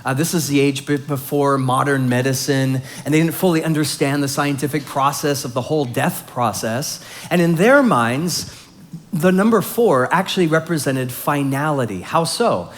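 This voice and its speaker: A man's voice: on the high side, normal speed. A male pastor preaching a sermon, explaining scripture in a conversational way and building emphasis on key points.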